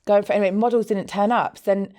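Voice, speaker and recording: A woman in her thirties, chatting on a podcast about her work as a practitioner. She talks at a middling pitch and throws herself into her stories, acting out what others said and laughing along the way. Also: quick pace. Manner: animated storyteller, acts out quoted voices, laughs often. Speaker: podcast co-host, aesthetics practitioner. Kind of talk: casual chat.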